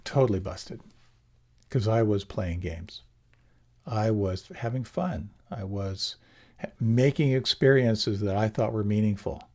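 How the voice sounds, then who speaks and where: A man giving a relaxed, reflective meditation talk, often letting his phrases trail off softly. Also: lowish voice, measured pace. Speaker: meditation teacher. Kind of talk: dharma talk.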